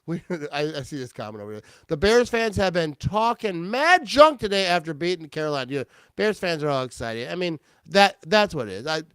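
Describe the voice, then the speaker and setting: A man hosting a casual sports talk show, excitable and quick to laugh, often restarting his sentences. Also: a little high, smooth, no echo. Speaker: podcast host.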